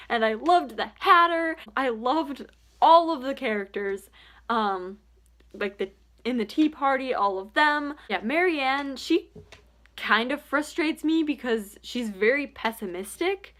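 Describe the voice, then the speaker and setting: A young woman casually reviewing a book in a vlog, chatty and animated, with plenty of fillers. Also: sits high, unhurried.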